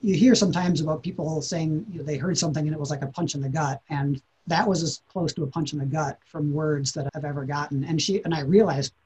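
A man's voice: fairly high pitch, steady tone, fast, few pauses, a little mellow, husky, poor audio. A man, a podcast guest, telling a personal story in an earnest, reflective way, often repeating words as he thinks.

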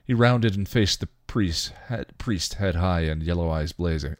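A man reading a fan story aloud in steady storytelling narration. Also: sits low, unhurried, few pauses, no echo, clean studio sound. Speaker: reader.

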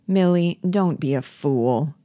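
A woman's voice: low voice, slow, warm tone, no echo, studio quality. A woman reading the part of an awkward, guilty young man who keeps apologizing. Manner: apologetic, curt. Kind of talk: play reading.

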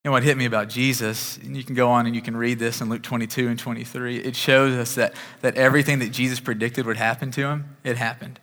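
At a quick pace with few pauses, a male pastor preaches a conversational sermon in a flat, medium-pitched, fairly bright voice, often restarting his sentences. The church sanctuary setting gives the recording a long, large-hall reverb.

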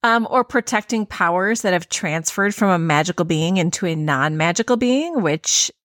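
A woman's voice: fairly low pitch, lively intonation, moderate pace, fairly bright tone, no echo, studio quality. A woman co-hosting a podcast in casual chat, thoughtful and playful, with the odd chuckle. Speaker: podcast co-host.

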